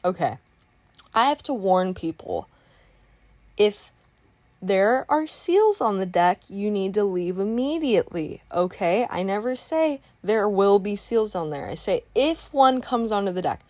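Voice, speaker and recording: A young woman chatting casually while painting, telling a work storytime in an animated, exclamatory rant. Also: medium pitch, unhurried, no room sound. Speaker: art vlogger telling a story time.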